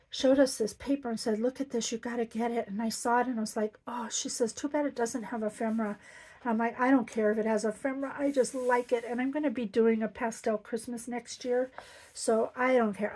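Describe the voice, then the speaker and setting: A woman's voice: on the high side, darkish tone, breathy edge, low-quality recording. A middle-aged woman chatting casually through a craft supply haul, gushing with lots of ums. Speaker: crafting vlogger. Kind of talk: casual show-and-tell haul.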